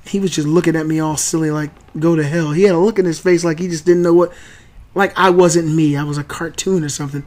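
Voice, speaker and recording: A man hosting a channel, telling a family story casually and acting out the quoted lines loudly. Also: a little high, steady tone, fast. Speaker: channel host and father.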